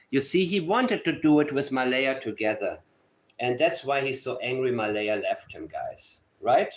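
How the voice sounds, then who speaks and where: A man with an expressive, unhurried, mid-range voice hosts a true-crime livestream. He speaks to his chat with sarcasm and exaggerated mock feeling, reading letters aloud in a saccharine, mocking tone.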